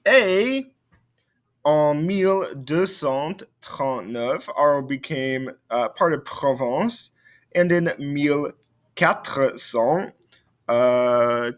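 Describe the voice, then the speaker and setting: A slightly high voice belongs to a young man teaching French in a recorded video. He keeps it casual, with plenty of fillers and false starts.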